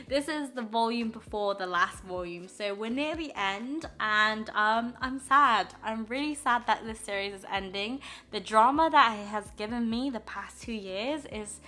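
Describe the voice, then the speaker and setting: A young British woman gushes her way through a manga haul, chatting casually and filling her speech with lots of ums and likes. Her medium-pitched voice is bright, with a forceful tone.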